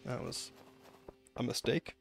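A man's voice: slow pace, over music. A man with a Canadian accent streaming a game live, rambling and chatting with viewers through lots of fillers and restarts. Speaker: gaming livestreamer.

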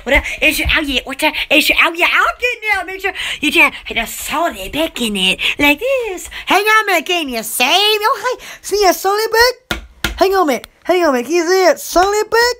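High, excitable woman streamer. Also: moderate pace. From Alabama. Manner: excitable, scattered, greets viewers. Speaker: channel host. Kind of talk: casual live-stream chat.

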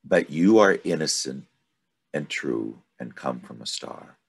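A man reading aloud and voicing a mysterious desert snake who speaks slowly and cryptically, in riddles. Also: extremely low pitch, expressive, gravelly, breathy edge, full character voice. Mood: ominous. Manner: slow, cryptic, ominous.

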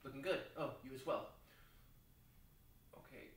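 A man's voice: mid-range voice, a little slow, very echoey, recorded from a distance, heavy background noise. A man playing a silly mock teacher, rambling through books aloud with a lot of laughter. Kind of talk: playful mock classroom reading.

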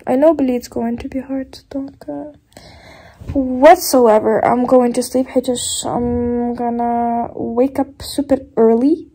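A woman's voice: on the high side, steady tone, unhurried, dark tone, slightly rough. A young woman with a Moroccan accent chatting casually in a vlog, switching languages freely and sounding tired and sleepy. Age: young adult. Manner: chatty, switches between English, French and Darija. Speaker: vlogger.

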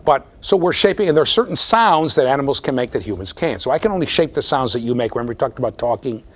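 A man giving a university lecture, animated, often checking in with the students and repeating his words. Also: mid-range voice, fast talker. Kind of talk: classroom lecture.

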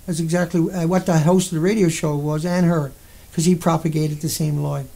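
Gravelly high-voiced Newfoundland man ranting. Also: fairly even intonation, a little fast, warm tone. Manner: heated, profane, rambling. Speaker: livestream host. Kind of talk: angry livestream rant.

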